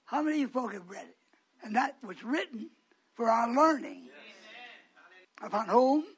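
A man preaching on the radio, scolding his listeners with rhetorical questions and swinging from low muttering to repeated shouted exclamations. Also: breathy edge, low-quality recording. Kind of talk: fiery radio sermon with call-ins.

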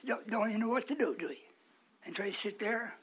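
A man preaching a sermon to his congregation, moving between hushed, whispered asides and raised, emphatic lines, with chuckles between. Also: high-pitched, quick pace, slightly rough.

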